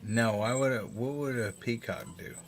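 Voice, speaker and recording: A man hosting a live stream, chatting casually, plain-spoken and quick to joke and laugh. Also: medium pitch. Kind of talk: casual chat.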